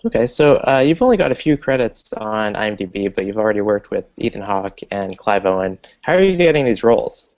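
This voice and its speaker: A man with a very low voice puts questions to a guest in a measured way. He fills his pauses with "uh". The audio sounds slightly muffled. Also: animated. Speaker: interviewer. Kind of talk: interview questions.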